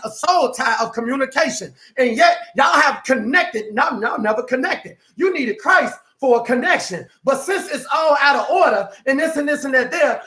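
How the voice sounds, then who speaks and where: A man preaching as a self-empowerment life coach, emphatic and swinging from quiet asides to shouts, acting out quoted people. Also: very high voice. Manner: acts out quoted speakers in exaggerated voices. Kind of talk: preaching motivational talk.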